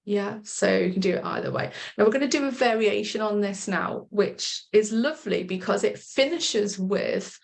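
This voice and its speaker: A woman coach leading a group session over a video call, guiding a relaxation exercise in a gentle, encouraging, chatty way. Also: medium pitch, moderate pace, creaky, hardly any pauses. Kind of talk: guided relaxation instruction.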